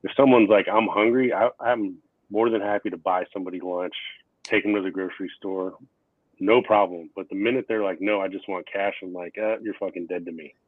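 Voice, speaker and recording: A man's voice: low voice, fairly even intonation, a little fast, no room sound. A man in his forties co-hosting a casual podcast chat, blunt and profane, telling heated stories. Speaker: podcast co-host. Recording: tinny phone-like line, dry.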